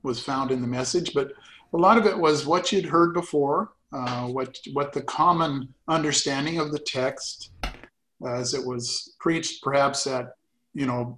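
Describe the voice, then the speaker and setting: A man's voice: medium pitch, a bit bright, a little hiss or hum, rough recording. An older man, a retired pastor, telling folksy stories with frequent laughs in a casual conversation.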